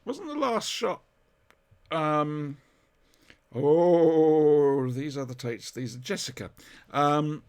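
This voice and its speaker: A man's voice: fairly high pitch, lively intonation, takes it slowly, pauses often, a little mellow, clean tone. A man chatting on a podcast, rambling and correcting himself as he enthuses about old TV comedy. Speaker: podcast co-host. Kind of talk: casual chat reviewing TV comedy.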